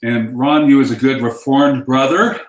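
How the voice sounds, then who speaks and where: A man's voice: medium pitch, steady tone, moderate pace, echoey room. A man in a casual chat who tells his stories with conviction and acts out the quotes. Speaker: ministry guest.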